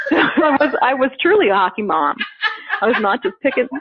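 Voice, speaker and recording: A woman telling a funny personal story in casual chat, animated and laughing often, acting out the quotes. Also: high-pitched, a little fast, slight background noise. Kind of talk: casual anecdote. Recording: phone-like narrow sound.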